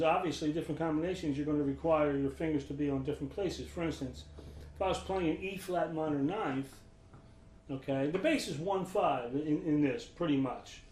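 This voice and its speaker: A man's voice: fairly high pitch, slight background noise. Man teaching guitar in a roomy space. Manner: relaxed, thinks aloud with restarts. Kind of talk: casual instructional talk. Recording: roomy sound with loud guitar. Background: guitar playing.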